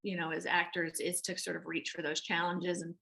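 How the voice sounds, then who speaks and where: A woman's voice: lowish voice, level tone, fairly quick, gravelly, pushed and bright. A woman with a Southern American accent, an actress answering interview questions in a chatty way with many restarts and fillers. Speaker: actress guest.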